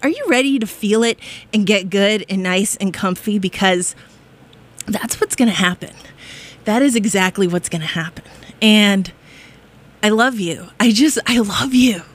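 A woman's voice: medium pitch, measured pace. A woman hosting a college radio show, giddy and exuberant, laughing often and whooping in a studio. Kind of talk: bubbly radio chat.

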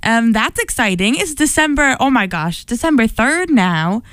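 Bubbly young woman radio host, smooth voice. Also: fairly high pitch, very animated, moderate pace, dry recording. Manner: bubbly, chatty, rambling. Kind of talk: casual radio chat between songs.

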